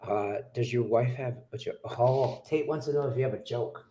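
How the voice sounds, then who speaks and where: A man's voice: mid-range voice, normal speed, dark tone. Joking male sports betting host. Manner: joking, laughing, teasing. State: hiccups. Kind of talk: casual chat.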